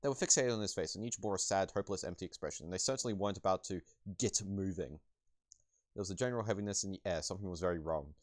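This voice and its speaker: A man's voice: low-pitched, fast talker, dry recording. A man hosting a let's play, reading game text aloud with jokey asides.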